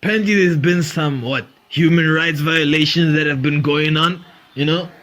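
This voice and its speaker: A man's voice: on the high side, moderate pace, a bit bright. A man hosting a comedy podcast, riffing animatedly, swearing freely and laughing often. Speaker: podcast host. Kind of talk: comedic monologue.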